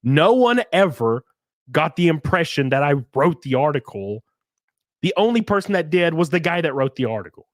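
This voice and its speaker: A man's voice: on the high side, no room sound, studio quality. A man hosting a casual livestream, reading viewer messages and ranting, swearing and mocking critics. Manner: animated, swears, mocks critics in put-on voices. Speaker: livestream host. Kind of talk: casual livestream chat reading super chats.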